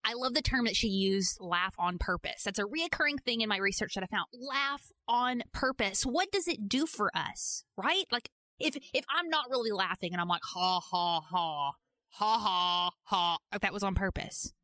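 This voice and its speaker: A woman's voice: mid-range voice, lively intonation, brisk, few pauses, sharp tone, no echo, clean studio sound. A woman from Georgia in the US hosting a casual interview. She tells stories in a playful, self-mocking way. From Georgia, USA. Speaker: podcast host.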